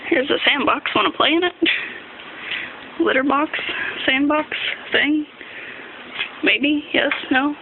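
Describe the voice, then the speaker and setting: A woman's voice: high-pitched, takes it slowly, long pauses, narrow, tinny audio, background noise. A woman filming her kittens at home, cooing at them in giggly baby talk. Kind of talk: casual home video.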